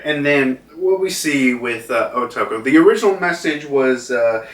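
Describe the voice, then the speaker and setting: Slow, rambling man in an echoey room. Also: mid-range voice, fairly bright tone. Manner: rambling with many fillers. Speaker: manga reviewer. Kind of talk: casual chapter review. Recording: roomy echo, distant mic.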